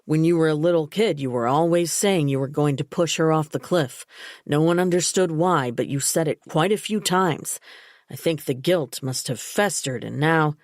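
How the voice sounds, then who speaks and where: A woman's voice: deep voice, moderate pace, a little mellow, no echo, studio quality, natural voice. A woman reading an audiobook, voicing a man who speaks firmly and patronizingly. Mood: firm dismissive. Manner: firm, patronizing. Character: dismissive adult man, patronizing brother.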